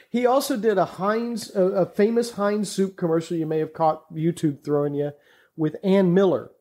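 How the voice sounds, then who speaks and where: A man with a high, mellow voice chats on a podcast mic, spinning anecdotes with real enthusiasm. He laughs easily as he goes, and his tone stays soft rather than bright. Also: steady tone, moderate pace. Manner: chatty, enthusiastic storytelling, laughs often. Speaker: podcast guest. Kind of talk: casual podcast chat. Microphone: studio podcast mic.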